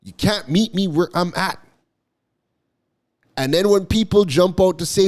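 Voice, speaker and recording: A man's voice: high-pitched, sing-song, normal speed, a little mellow. A man from Toronto with a Toronto accent, giving emphatic commentary to camera as a marketing content creator, repeating his points and asking "right?" often. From Toronto, Canada.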